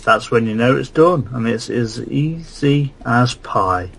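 A man doing a British-accented cook who reads a recipe step by step in a slow, deliberate manner. His pitch sits at a medium level, and the delivery is a comic podcast bit. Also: lively intonation, gravelly, a bit bright, a little hiss or hum, full character voice. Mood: instructive.

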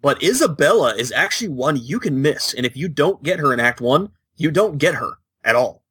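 A deadpan man co-hosts a podcast in relaxed casual chat, grumbling dryly. His voice is bright and a bit husky, and it sounds close and dry with no room around it. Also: on the high side, moderate pace, no room sound. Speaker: podcast co-host.

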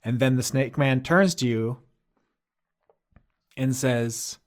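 A man narrating a tabletop game as game master, animated with quick asides. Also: medium pitch.

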